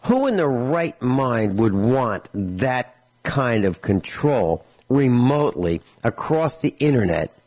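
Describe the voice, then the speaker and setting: Animated man telling exasperated stories. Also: medium pitch, takes it slowly. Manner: animated storytelling, acts out both sides of conversations; exasperated, sarcastic. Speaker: radio show host. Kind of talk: talk radio commentary.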